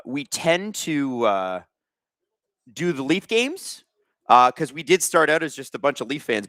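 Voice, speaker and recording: A man's voice: on the high side, no room sound. Guy from canada doing casual hockey watch-along stream, jokey, reads chat, voice jumps around a lot, dry close sound. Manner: jokey, reads chat aloud, bursts of excitement.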